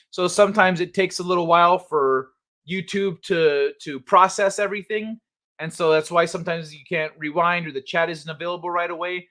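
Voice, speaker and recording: Bright-voiced laid-back streaming host. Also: male voice, high-pitched. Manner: laid-back, profane, animated storytelling. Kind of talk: casual late-night chat.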